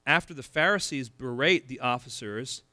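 Bright, dry-voiced male preacher. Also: animated, normal speed, no room sound. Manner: builds to emphatic peaks, then drops low. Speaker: pastor. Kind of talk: expository sermon.

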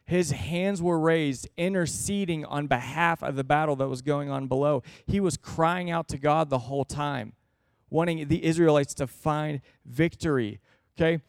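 A man's voice: fairly high pitch, moderate pace, clear, resonant tone, dry recording, clean studio sound. A man in his thirties preaching a sermon in an earnest, conversational way, acting out everyday exchanges.

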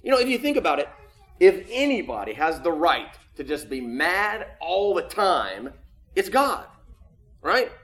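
A man preaching a sermon, talking in a conversational, earnest way that swings from loud emphasis to hushed tones. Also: fairly high pitch, big pitch swings, unhurried. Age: adult with children. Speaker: pastor.

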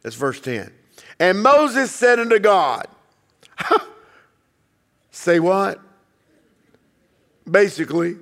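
A man preaching a sermon as pastor, emphatic, acting out quoted voices and dropping low to quiet passages. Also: very animated, extremely slow, long pauses, big-room sound.

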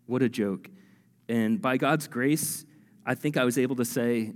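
A man's voice: mid-range voice, unhurried. Male pastor preaching in a reverberant church. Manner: conversational, animated, self-deprecating, with many fillers. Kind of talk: sermon.

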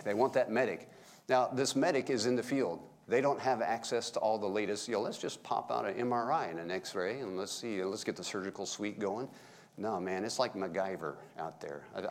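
A middle-aged man giving a casual, joking sermon to his congregation. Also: on the low side. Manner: folksy, joking with the congregation, animated. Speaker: pastor. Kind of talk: conversational sermon.

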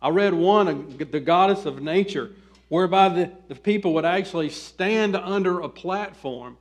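A male pastor preaching an expository sermon, reading scripture aloud and questioning his listeners, swinging from quiet asides to loud, emphatic pleading. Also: on the high side.

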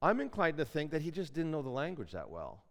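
A man's voice: fairly high pitch, wildly swooping pitch, brisk. A man giving a classroom Bible lecture in a conversational way, putting questions to his students. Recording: long hall reverb.

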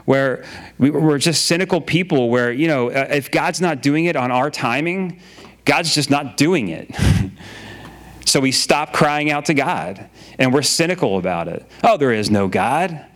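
A man's voice: a little high, animated, measured pace, fairly bright tone. A man preaching a sermon in a casual, conversational way, often repeating his phrases and using filler words. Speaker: pastor.

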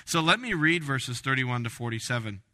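A man preaching a sermon as pastor, emphatic and animated, with frequent restarts. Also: mid-range voice, moderate pace. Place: church sanctuary. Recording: reverberant church hall.

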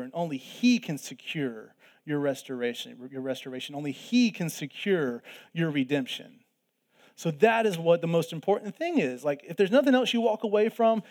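Guy preaching a sermon, kinda high voice, earnest, says stuff twice. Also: a little mellow. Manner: earnest, repeats phrases for emphasis. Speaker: pastor.

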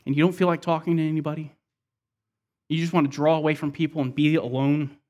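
High-voiced man preaching a sermon. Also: flat delivery, quick pace, darkish tone, muffled recording. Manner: expository, explains scripture verse by verse. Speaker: pastor.

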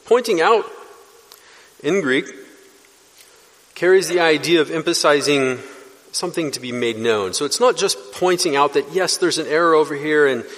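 A male pastor delivers a verse-by-verse sermon with a slightly higher-than-usual voice. He explains the text earnestly and pushes up on the words he wants to stress. His voice rings out with a long reverb in a church hall. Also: moderate pace, pauses often, fairly bright tone. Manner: earnest teaching, rising for emphasis. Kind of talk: expository sermon.

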